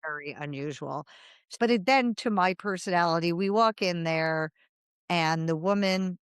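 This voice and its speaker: A woman's voice: on the low side, moderate pace, smooth, no echo, studio quality. A woman in her fifties, a writer, telling a long, rambling anecdote in a casual interview, acting out quoted dialogue and laughing along the way. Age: 50s. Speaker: guest, writer.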